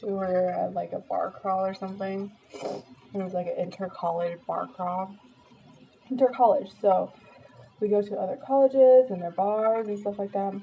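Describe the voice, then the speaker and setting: A young American woman talks casually while eating, her story full of fillers and asides. Her pitch is mid-range for a woman, and a faint background hiss sits under her voice. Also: fairly even intonation, normal speed, creaky, lo-fi sound. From United States. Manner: chatty storytelling, many fillers, eating between lines. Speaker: vlogger.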